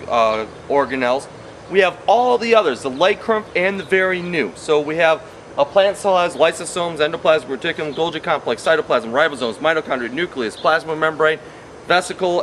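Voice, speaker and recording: A man's voice: on the high side, fairly bright tone, a little hiss or hum. A man teaching a science lesson in a chatty, playful way, repeating key points and drifting into tangents. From Wisconsin.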